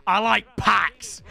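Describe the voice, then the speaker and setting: A young man commentating excitedly on his own video game stream, shouting between calm stretches. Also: sits high, vocal fry. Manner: excitable, shouts and swings between hype and frustration.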